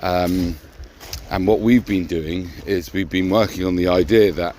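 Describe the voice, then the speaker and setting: Very deep-voiced, hesitant man. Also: steady tone, a little slow, dark tone, a little hiss or hum. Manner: hesitant, repeats words and restarts often. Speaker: co-host of a personal growth talk. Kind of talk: reflective casual conversation.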